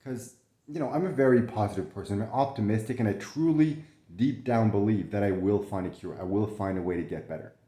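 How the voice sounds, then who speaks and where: A man's voice: lowish voice, fairly quick, warm tone, roomy sound. A young man talking candidly from bed in a casual vlog, swearing often, restarting his sentences, coughing and short of breath. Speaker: vlogger sharing his illness. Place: in bed at home.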